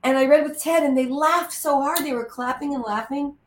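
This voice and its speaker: A woman telling a lively anecdote in an interview, acting out the lines of the people in it. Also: sits high, brisk, a little hiss or hum. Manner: lively anecdote teller, acts out quotes. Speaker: guest. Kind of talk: animated storytelling in conversation. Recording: roomy echo.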